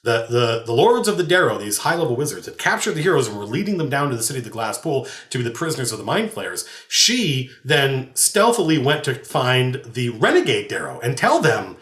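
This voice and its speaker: A game master and podcast host with a mid-range, fairly bright voice speaks very animatedly, fairly quickly, and with few pauses. He tells a casual anecdote from his tabletop game, rambling, laughing, and restarting often, in a recording with roomy echo.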